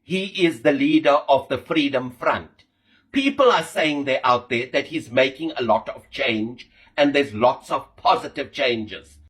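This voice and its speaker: Husky man commentator. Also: mid-range voice, lively intonation, a little slow, a bit bright. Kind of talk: commentary video.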